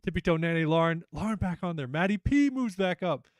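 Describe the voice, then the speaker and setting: A young man hosting a casual online trivia night, chatty and animated as he reads out questions and reacts to the players. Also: high-pitched, fairly quick, no room sound, studio quality. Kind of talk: casual livestream quiz hosting.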